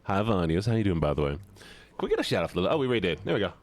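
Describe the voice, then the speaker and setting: Speaking very fast in a low voice, this streamer commentates his live gameplay and talks with viewers. He gets excited easily and yelps when something goes wrong.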